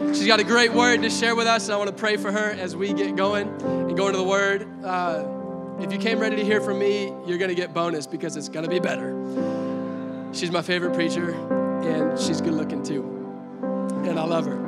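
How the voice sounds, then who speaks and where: High-voiced male pastor over loud guitar. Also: steady tone, fairly quick. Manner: affectionate, then earnest prayer. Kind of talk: sermon introduction and prayer. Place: church sanctuary. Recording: loud guitar music behind the voice. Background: guitar playing.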